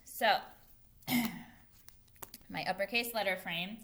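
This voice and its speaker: A young woman teacher leads an early-grade phonics lesson for small children, speaking patiently and enunciating carefully. Her voice is medium-pitched, a little slow, and sharp in tone.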